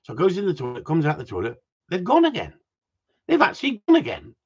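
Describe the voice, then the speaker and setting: Male streamer, husky, animated swearing storyteller, lively pitch, lo-fi sound. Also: fast. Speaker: live stream host. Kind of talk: casual ranting chat.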